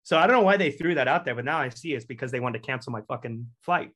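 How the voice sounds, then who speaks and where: A young man from Texas, a Marine veteran guest, telling a long anecdote in a casual, animated and profane way. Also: medium pitch, quick pace. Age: young adult. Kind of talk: casual storytelling.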